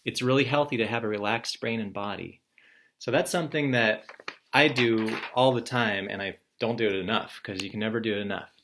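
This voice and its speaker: Relaxed man giving a morning class message. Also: on the low side, a little fast. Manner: relaxed, encouraging, explains step by step. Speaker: teacher. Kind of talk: recorded morning message to students.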